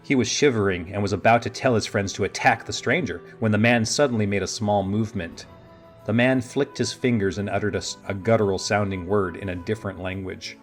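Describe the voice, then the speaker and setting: The narrator of this fantasy audiobook is a man whose voice is somewhat low. He reads in a calm, measured rhythm, and quiet music runs beneath him.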